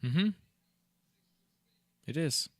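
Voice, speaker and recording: A man's voice: extremely slow, no echo. Dry, opinionated man chatting. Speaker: podcast co-host. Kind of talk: casual chat.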